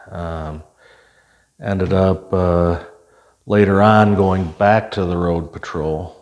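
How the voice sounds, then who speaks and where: Deep-voiced retired cop telling stories. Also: male voice, darkish tone. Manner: plain-spoken, many fillers and restarts. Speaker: retired police officer, guest. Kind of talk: conversational storytelling.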